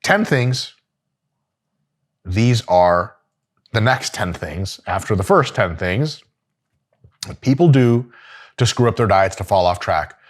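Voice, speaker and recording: A man in middle age gives diet advice in a blunt, profane, comedic way. He swings between deadpan asides and bursts of mock outrage as he riffs. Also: on the low side, slow, pauses often. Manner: brash, swearing, jokey, swings into mock outrage. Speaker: host.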